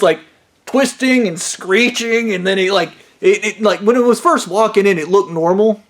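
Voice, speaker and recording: A man telling a story in a casual, profane, excitable way, now and then breaking into loud yells. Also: sits high, moderate pace. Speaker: vlogger.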